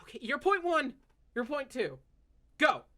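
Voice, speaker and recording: Frantic worn-out elf woman, high and shrill, near-shouting, put on by the game master. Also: sing-song, extremely slow, no echo, clean studio sound, heavily acted. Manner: shrill, panicky cries. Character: frantic exhausted female elf mage. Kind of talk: tabletop role-play voice acting.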